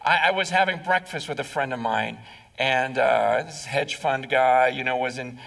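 A man's voice: medium pitch, moderate pace, vocal fry, a bit bright. A male pastor preaching a conversational sermon, repeating words and acting out quotes. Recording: distant mic in a reverberant hall.

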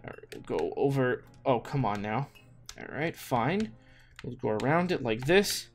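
A man narrates his own gameplay, muttering to himself in a mid-pitched voice. He stumbles, repeats himself and breaks into sudden exclamations, while faint music plays underneath. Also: lively intonation, measured pace. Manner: talks to himself with frequent restarts and exclamations. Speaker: gaming YouTuber. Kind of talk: let's play commentary. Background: faint background music.

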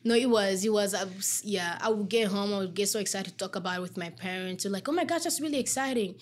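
A woman's voice: mid-range voice, flat delivery, quick pace, slight background noise. A young woman, a former student, telling an emotional personal story in a casual interview. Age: young adult. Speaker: alumna guest.

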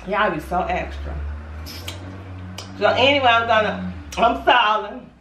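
A pregnant young vlogger talks sassily and chattily right at her audience during a food challenge. Her mid-range voice is animated, slow and fairly bright, picked up by a distant mic in an echoey room with slight background noise.

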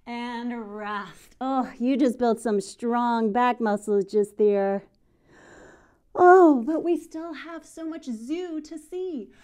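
Woman, kids yoga teacher, playful storytelling, encouraging, higher voice, slow pace. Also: clear, resonant tone. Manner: playful, animated storytelling with gasps and exclamations; encouraging, talks directly to young children. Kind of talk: guided kids yoga lesson.

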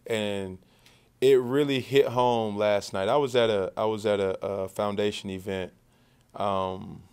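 A man's voice: lowish voice, creaky, darkish tone, clear, resonant tone. A man, a football quarterback, answering questions at a press conference in a loose conversational way, often repeating and restarting words. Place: media session after practice.

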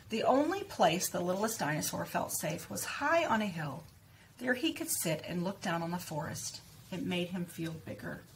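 A woman teaching speech sounds, reading a picture book aloud and slowly repeating practice words with careful articulation. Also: on the low side, a little hiss or hum. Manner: slow, clearly stressed repetition of target words.

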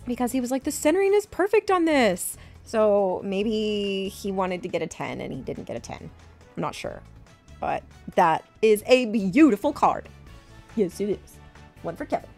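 A woman in her thirties chatting excitedly as she opens graded trading cards, gasping and repeating herself. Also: mid-range voice, creaky. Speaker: card collecting vlogger. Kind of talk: excited unboxing chat.

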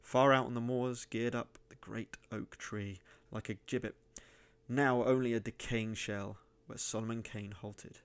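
A man with a gravelly, creaky edge to his voice reads a grim adventure story aloud. He keeps a measured pace and swells into loud declaiming in the tense passages, in a middle pitch. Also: steady tone. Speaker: reader and gaming channel host. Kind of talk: dramatic story reading.

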